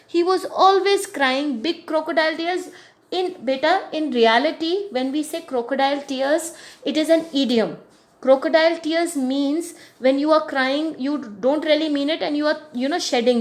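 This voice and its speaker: High-voiced woman teaching a storybook. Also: measured pace. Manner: explains words patiently, repeats phrases, checks understanding. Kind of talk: storybook reading with explanations for children.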